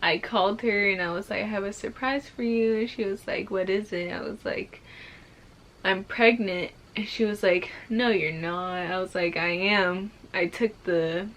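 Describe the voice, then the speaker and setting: A young adult woman vlogger, currently pregnant, tells a personal story to the camera in a casual way. Her medium-pitched voice has a fairly bright tone and fairly even intonation. She speaks slowly, leans on fillers like "like," and grows more emotional as she goes.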